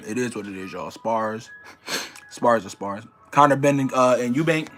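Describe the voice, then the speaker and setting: A young man, a boxer casually answering viewer questions, swinging from loud incredulous ranting to low mumbled advice. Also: measured pace, faint music behind. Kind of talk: casual livestream chat.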